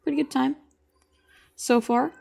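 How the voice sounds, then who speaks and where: Chatty young woman with a gravelly voice. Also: high voice, steady tone, a little slow, a little mellow. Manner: chatty, rambling, answers chat while drawing. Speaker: streamer and animator. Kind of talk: casual live-stream chat. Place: at home.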